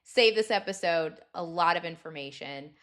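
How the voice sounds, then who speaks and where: A woman's voice: fairly low pitch, moderate pace, a bit bright, no room sound, studio quality. Upbeat woman podcast host. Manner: upbeat, encouraging, chatty. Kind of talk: podcast interview and outro.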